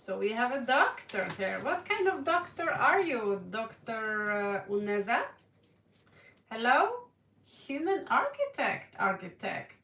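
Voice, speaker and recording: A woman's voice: fairly high pitch, big pitch swings, unhurried, a bit bright. A woman from Norway giving a live tarot reading, chatty and laughing often, calling viewers by name. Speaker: tarot reader. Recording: roomy echo, distant mic.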